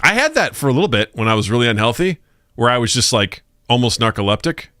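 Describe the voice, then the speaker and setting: A man's voice: quick pace, no echo. A man co-hosting a casual podcast, his voice jumping way up whenever he acts out what someone said. He laughs often, and the sound is close and dry. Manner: animated storyteller, acts out quotes in a high voice. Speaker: podcast co-host. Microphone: podcast mic.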